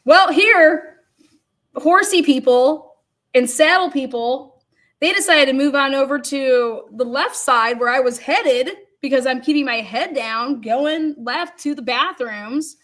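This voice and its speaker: A woman's voice: sits high, takes it slowly, a bit bright. A woman telling a funny personal story in a casual way. She swears a lot, laughs while she talks, and acts out what other people said.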